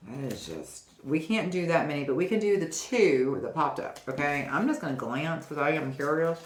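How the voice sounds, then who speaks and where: Low-voiced woman reading tarot. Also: sing-song, takes it slowly, pauses often. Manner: chatty, often ends with "okay?". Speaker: tarot reader. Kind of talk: casual tarot reading to camera. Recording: roomy echo, faint noise.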